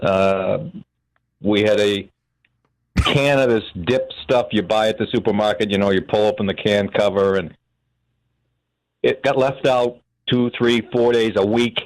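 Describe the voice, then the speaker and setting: A man's voice: on the low side, steady tone, a little slow, pauses often, rough recording. A man from New Hampshire calling in to a radio show and telling a rambling, chuckling story. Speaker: caller. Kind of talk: phone-in caller telling a story.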